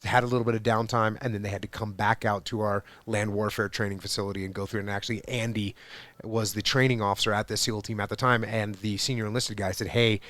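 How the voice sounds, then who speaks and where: A man's voice: fairly low pitch, flat delivery, fast, fairly bright tone. A man in his forties, a former military leader, explaining his ideas emphatically in a casual podcast conversation. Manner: emphatic, explanatory, building points with repetition.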